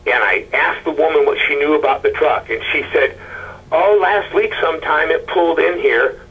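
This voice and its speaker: A man recounting a painful personal story in a halting, stammering way, acting out the people he quotes. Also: on the high side, husky, phone-quality sound. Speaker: husband of a missing woman, interview guest. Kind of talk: emotional personal account.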